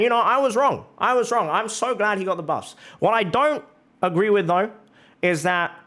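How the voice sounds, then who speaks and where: Brief: male streamer, somewhat high voice, swings widely in pitch, impassioned and profane rant. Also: a bit bright. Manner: impassioned, profane, repeats phrases for emphasis. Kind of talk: heated reaction rant on stream.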